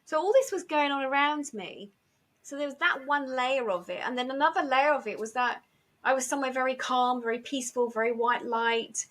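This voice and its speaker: A woman tells a personal story as an interview guest, in a voice that sits a little high. She recounts events vividly, acting out what was said, with many fillers and restarts. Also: moderate pace, a bit bright. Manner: acts out remembered dialogue.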